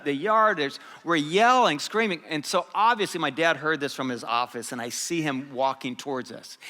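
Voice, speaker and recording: A middle-aged male pastor delivers a sermon, telling stories with animated energy. His voice is bright and sits somewhat high. A long hall reverb trails his words. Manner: animated, lively storytelling with laughter. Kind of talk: sermon with personal storytelling. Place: church.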